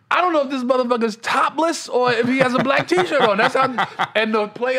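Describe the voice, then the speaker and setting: Animated high-voiced male comedian. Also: a little fast, vocal fry. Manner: animated, acts out quotes with big pitch jumps. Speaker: comedian guest. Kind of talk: casual storytelling chat.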